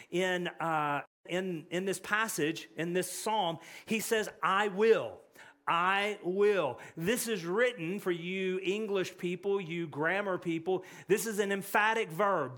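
High-voiced man preaching a sermon. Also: fairly bright tone. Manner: earnest, conversational preaching with repetitions. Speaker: pastor. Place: church sanctuary.

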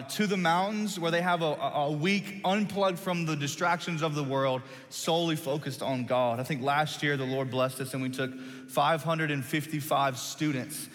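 A man's voice: a little high, fairly bright tone. A man, preaching as a pastor and telling a self-deprecating, folksy story in a large church hall. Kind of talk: sermon with personal story.

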